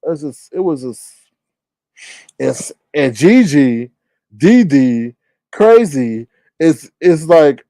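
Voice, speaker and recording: A man streaming his commentary, his voice sitting a little high and recorded close and dry with no room sound. He talks in an animated, slangy way and keeps mimicking other people in high, squeaky voices. It comes across as loose, unscripted streamer talk. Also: takes it slowly, pauses often, dry recording. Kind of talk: casual livestream commentary.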